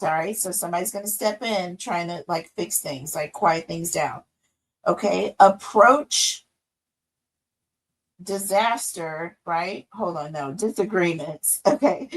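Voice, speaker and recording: Woman doing a tarot reading, chatty, keeps asking okay? right?, mid pitch. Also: a bit bright, rough recording. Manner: chatty, musing aloud, checks in with listeners. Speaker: tarot reader.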